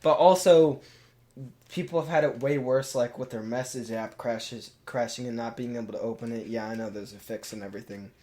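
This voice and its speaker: A man's voice: mid-range voice, steady tone, fairly quick, dark tone. A man co-hosting a casual tech podcast, rambling and thinking aloud with lots of "like"s. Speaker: podcast co-host.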